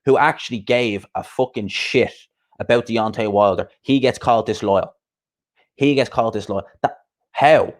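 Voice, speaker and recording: This man hosts a boxing live stream, ranting casually with profanity, bluntness and a stream of rhetorical questions. His voice sits in the middle range at a moderate pace.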